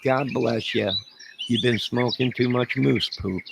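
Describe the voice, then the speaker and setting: A man's voice: medium pitch, unhurried, gravelly. A man hosting a livestream, telling a rambling, jokey, folksy comedic rant outdoors. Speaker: livestream host. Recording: noisy outdoor audio with birdsong.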